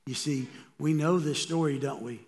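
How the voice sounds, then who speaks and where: A man's voice: on the high side, normal speed, a little mellow. A middle-aged man, a pastor, preaching a sermon in a conversational way and asking the congregation rhetorical questions.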